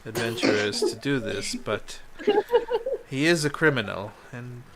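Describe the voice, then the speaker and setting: A man's voice: medium pitch, measured pace, over a noisy crowd, close to an everyday voice. A man voicing a regal queen who speaks in a formal, stately way.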